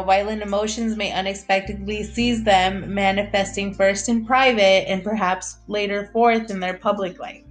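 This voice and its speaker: Young woman, candid vlog confession, foul-mouthed and rambling, mid-pitched. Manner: blunt, profane and rambling, with many fillers. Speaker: mother sharing her mental health struggles.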